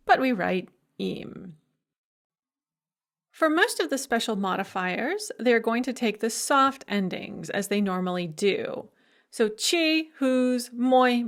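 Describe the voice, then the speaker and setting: A woman's voice: fairly high pitch, fairly bright tone. A middle-aged woman giving a recorded university language lecture, methodically listing word forms one after another.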